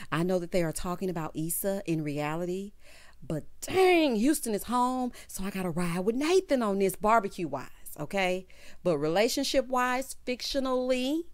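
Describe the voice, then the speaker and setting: A woman casually recapping a TV episode, sassy and quick to burst into loud laughter. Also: medium pitch, very animated, no room sound. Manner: sassy, laughs loudly, acts out characters' lines. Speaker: TV recap vlogger.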